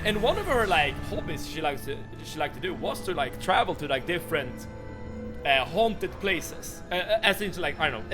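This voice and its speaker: A young man with a Swedish accent, casually chatting while streaming a game, stumbling and repeating words as he starts sentences. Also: fairly high pitch. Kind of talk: casual gameplay chat. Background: game music.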